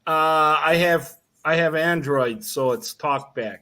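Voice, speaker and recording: A man's voice: a little high, slow, sharp tone. A man co-hosting a chatty interview over a video call, explaining things and laughing often. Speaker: co-host. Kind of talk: casual conversation.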